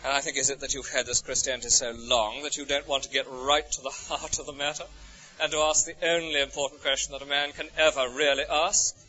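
A man with an English accent preaching a sermon, full of rhetorical questions, his voice soaring high and then dropping to a hush. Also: brisk. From England. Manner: expressive, rhetorical questions, swings from soaring to hushed. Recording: dull lo-fi recording.

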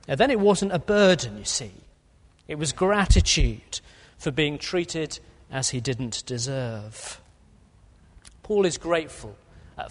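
A man preaching an earnest expository sermon, with a few fillers. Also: a little high. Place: church. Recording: long hall reverb.

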